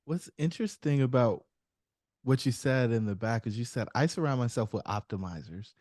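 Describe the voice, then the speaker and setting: A man hosting a podcast interview, asking curious, measured questions. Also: mid-range voice, expressive, darkish tone, no echo, studio quality. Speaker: podcast host.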